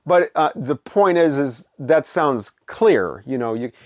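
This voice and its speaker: A man's voice: medium pitch, lively intonation, slow pace, dry recording, clean studio sound. A middle-aged man giving a casual, blunt, opinionated music review, with frequent fillers and restarts. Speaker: vinyl collector vlogger.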